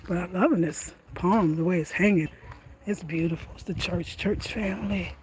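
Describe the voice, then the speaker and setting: A woman's voice: on the low side, moderate pace, a little mellow, slight background noise. A chatty woman vlogging at home, laughing often and talking in a casual, slangy way. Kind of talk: casual chat to camera. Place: outdoors at night on a country road, then indoors at home.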